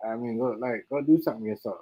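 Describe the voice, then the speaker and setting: On a reaction livestream, a male host rants heatedly and mockingly, repeating himself, in a fast, warm, medium-pitched voice. The recording is low quality.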